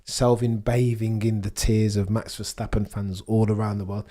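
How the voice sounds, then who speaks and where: Guy on a stream, lowish voice, chatty and jokey with chat, reacting live. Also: flat delivery, normal speed, dark tone. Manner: chatty, joking, reacting to the action. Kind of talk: casual live commentary.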